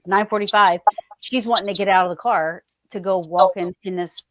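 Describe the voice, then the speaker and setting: A woman guest telling a story in an animated, excitable way, restarting lines and swearing freely. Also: medium pitch, normal speed, no room sound.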